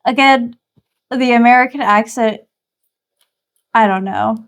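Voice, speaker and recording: Female co-host, high-pitched, rambling and chatty. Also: unhurried. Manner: chatty, fills with "like". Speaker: movie review co-host. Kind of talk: casual chat.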